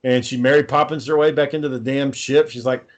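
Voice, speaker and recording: A man's voice: mid-range voice, steady tone, fairly quick, dull audio. A man co-hosting a casual podcast chat, ranting with lots of swearing and sarcasm. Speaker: podcast co-host.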